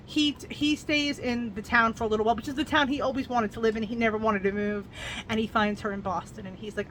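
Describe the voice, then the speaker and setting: A woman's voice: a little high, fairly even intonation, fairly quick, a bit bright, slight background noise. A woman talking through a novel's plot in a casual book review vlog, earnest and emotional as she retells it.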